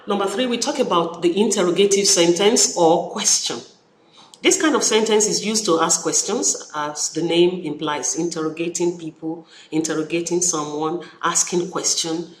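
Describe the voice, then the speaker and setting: Nigerian-accented lecturer, recorded study session, expressive and repetitive, echoey room with faint ambience. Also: medium pitch, moderate pace, slight background noise. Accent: Nigerian English. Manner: animated, repeats key phrases, acts out example exclamations. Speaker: university lecturer.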